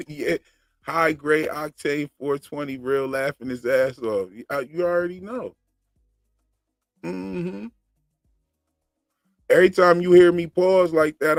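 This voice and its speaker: A man's voice: high voice, no room sound, studio quality. A man hosting a casual commentary channel, joking in slang and laughing often. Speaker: channel host reacting to a TV show.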